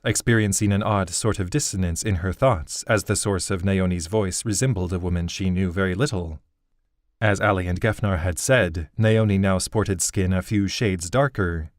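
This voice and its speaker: A man narrating a fantasy audiobook in an even, steady storytelling manner. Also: low-pitched, no room sound, studio quality. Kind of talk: scripted narration.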